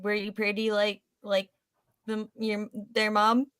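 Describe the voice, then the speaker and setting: A woman trading quick, teasing banter on a casual podcast. Her voice is bright and crisp, and the recording is dry with no room sound. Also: medium pitch, completely flat delivery, dry recording. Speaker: podcast co-host. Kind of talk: casual chat.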